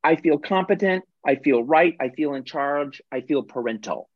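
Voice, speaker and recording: A man's voice: on the high side, normal speed, no echo, close to an everyday voice. A man voicing an overeager helper in the rescuer role, listing his feelings in an earnest, self-assured way over dull, dry call audio.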